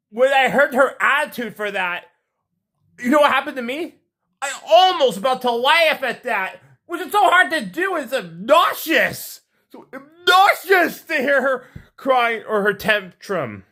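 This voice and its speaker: Dude rambling through a school story for his channel, lively up-and-down voice, bright tone. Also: very high-pitched, a little slow. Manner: rambling, animated, repeats himself. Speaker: vlogger. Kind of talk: casual storytelling to camera.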